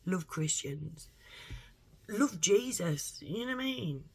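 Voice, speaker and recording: A woman's voice: on the low side, expressive, takes it slowly, gravelly, darkish tone, breathy edge. A woman vlogger giving a blunt, rambling opinion monologue to camera, swearing heavily and speaking emphatically.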